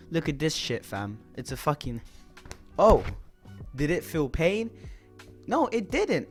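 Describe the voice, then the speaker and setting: A young man ranting in a YouTube commentary video, swearing often and using lots of filler words. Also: a little high.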